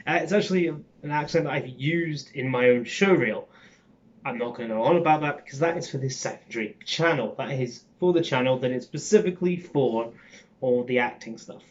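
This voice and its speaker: A young man with a Cockney accent, an acting student rambling casually to his channel with lots of ums and swearing. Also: medium pitch. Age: young adult. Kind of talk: casual chat. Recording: dull lo-fi sound.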